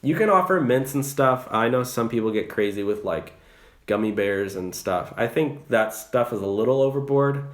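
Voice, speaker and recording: Relaxed young man, echoey room. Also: medium pitch, normal speed. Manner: relaxed, chatty, many fillers and restarts. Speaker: rideshare driver and channel host. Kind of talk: casual advice chat.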